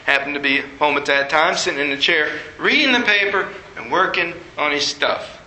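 Middle-aged preacher guy, high bright voice, earnest story, echoey hall. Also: expressive, normal speed, slight background noise. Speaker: pastor. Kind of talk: sermon storytelling. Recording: echoey room.

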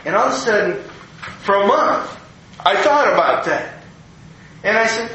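Older pastor telling a story in an echoey room. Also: male voice, high voice, normal speed. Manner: folksy, animated storyteller, acting out quoted people. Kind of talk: personal story told to an audience. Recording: very echoey room, faint ambience.

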